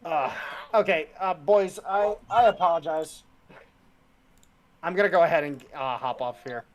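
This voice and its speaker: A man's voice: a little high, measured pace, muffled recording. A man co-hosting a casual podcast, talking in a heated, rambling and profane way. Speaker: podcast co-host.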